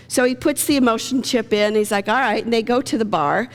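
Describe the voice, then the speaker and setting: A middle-aged woman with a fairly high voice gives a sermon in a relaxed, talky way, now and then acting out the people she quotes. Her voice rings through a church hall with a long reverb. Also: brisk. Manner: conversational, acts out quoted lines with shifting voices. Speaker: pastor. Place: church sanctuary.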